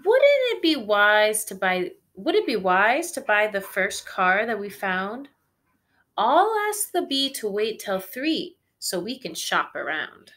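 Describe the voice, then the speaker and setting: A woman reading aloud as a cautious, easily alarmed little bug in a storybook, in a shrill, worried voice. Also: big pitch swings, takes it slowly, a bit bright. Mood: fretting.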